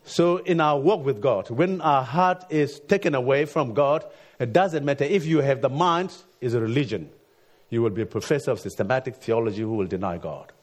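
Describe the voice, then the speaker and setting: Halting preacher man, frequent restarts. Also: medium pitch. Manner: halting, repeats words, frequent "you see". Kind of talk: sermon with personal story.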